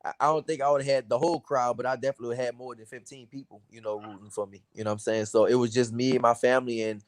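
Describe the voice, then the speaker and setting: A man's voice: medium pitch, steady tone, fast, no echo. Laid-back American man, dry sound. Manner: laid-back, slangy, "you know what I'm saying" fillers. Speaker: boxer, interview guest. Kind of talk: casual chat.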